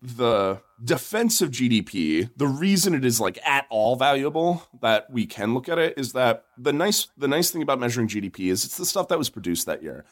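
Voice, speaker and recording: A man talks through economic ideas in a relaxed, conversational way. His pitch swings widely as he tells stories. He slips into character voices for the people in his jokes. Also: fairly quick, hardly any pauses. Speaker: co-host explaining economics. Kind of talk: casual explanatory chat.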